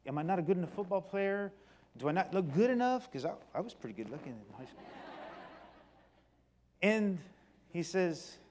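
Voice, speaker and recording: A middle-aged man giving a personal storytelling talk on stage, animated, moving between loud excited bursts and quiet low passages. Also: moderate pace, pauses often, slight background noise. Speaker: company speaker. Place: stage before an audience.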